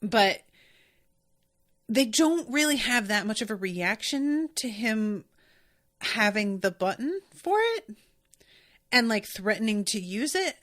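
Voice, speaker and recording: A woman's voice: a little high, sing-song, takes it slowly, long pauses, fairly bright tone. A woman hosting a podcast, chatting casually and rambling with lots of fillers and restarts. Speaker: podcast host. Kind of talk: casual chat reacting to an anime.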